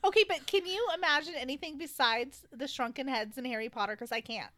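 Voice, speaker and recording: A young woman in casual chat, excitable and chatty, saying like a lot. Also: high voice, a little fast.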